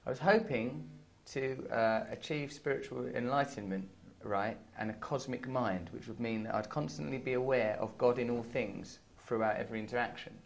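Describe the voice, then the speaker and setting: An English man in his thirties riffs through an interview as a comedian guest. His voice has a gravelly rasp, and he wanders off on tangents before landing absurd deadpan jokes. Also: medium pitch, normal speed, hardly any pauses. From England. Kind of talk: playful interview banter.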